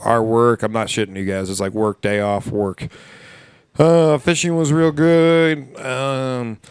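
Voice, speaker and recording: A man's voice: medium pitch, fairly even intonation, takes it slowly, clean tone, dry recording, clean studio sound. A man who hosts a podcast and works as a server, chatting casually in a blunt, profane, ranting way. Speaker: podcast host and restaurant server. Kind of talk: casual chat.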